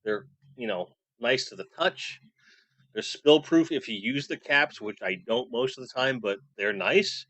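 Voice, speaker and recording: Bright-voiced man in his forties streaming. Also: medium pitch, expressive, measured pace, dry recording. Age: 40s. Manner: reads chat aloud and rambles. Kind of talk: casual live stream chat.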